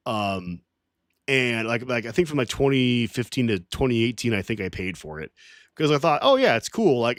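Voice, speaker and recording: A man's voice: mid-range voice, a bit bright, dry recording, clean studio sound. A man on a live stream working through chat comments in a profane, rambling, heated rant. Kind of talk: casual livestream rant.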